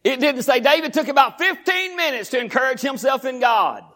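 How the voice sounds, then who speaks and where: A middle-aged man with a Texan accent preaching a fervent sermon, often shouting and repeating phrases in a preaching cadence. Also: very high voice, animated, a little fast.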